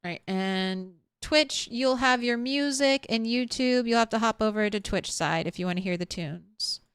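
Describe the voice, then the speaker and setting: A woman streamer chats casually with her live viewers, addressing them directly. Her voice sits a little high and comes across smooth and clear. The sound is dry and close, with no room around it. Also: normal speed, fairly bright tone, dry recording. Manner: chatty, talks straight to chat.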